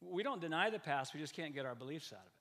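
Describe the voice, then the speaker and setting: A man, a pastor, preaching a lively sermon with energetic bursts of loud emphasis and frequent repeated words. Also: fairly high pitch, very fast.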